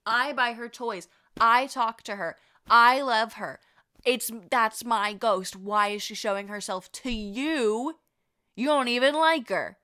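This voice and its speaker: Ghost-obsessed doting homeowner, breathless singsong, pitched up, put on by a woman storyteller. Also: expressive, normal speed, sharp tone, smooth. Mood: jealous.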